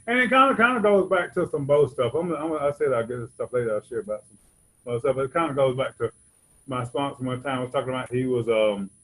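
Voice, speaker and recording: A man's voice: mid-range voice, quick pace, a bit bright, low-quality recording. A man giving a rambling, conversational personal testimony at a recovery convention. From Georgia. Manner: rambling, conversational, frequent "you know what I'm saying". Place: convention hall stage.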